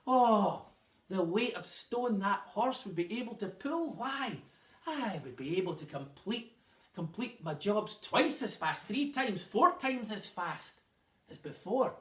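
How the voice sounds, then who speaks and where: Storyteller putting on a frantic pleading builder, pitched higher, roomy and distant. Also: male voice, very animated, takes it slowly, full character voice. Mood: eager. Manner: eager, then desperate pleading. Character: anxious, greedy human male builder.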